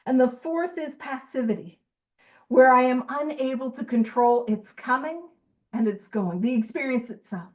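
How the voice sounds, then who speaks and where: A woman leading a recovery group study, reading aloud and adding lively, joking asides. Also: sits high, rough recording. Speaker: meeting chair reading aloud.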